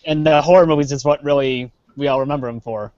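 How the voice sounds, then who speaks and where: A podcast co-host from the Chicago area rambles through a casual live-streamed chat, trailing off with lots of "uh" fillers. His voice is on the high side, fairly even, fast, and a little mellow, recorded dry on dull lo-fi stream audio.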